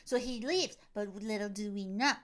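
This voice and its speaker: A woman's voice: medium pitch, normal speed, a bit bright. A woman co-hosting a podcast, chatting casually as she recaps a movie and rambling with lots of "like" and restarts. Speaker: podcast co-host.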